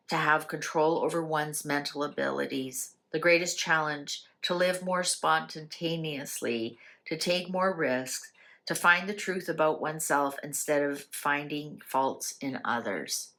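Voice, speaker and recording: A woman's voice: deep voice, a little slow, fairly bright tone. A woman hosting a casual spiritual talk, speaking conversationally and asking many rhetorical questions. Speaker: channel host.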